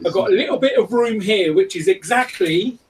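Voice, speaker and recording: A man's voice: high-pitched, lively intonation, brisk. A man hosting a 3D printing channel, chatting in a rambling, self-deprecating way from his cramped home office. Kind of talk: casual chat. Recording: distant mic with faint room hiss.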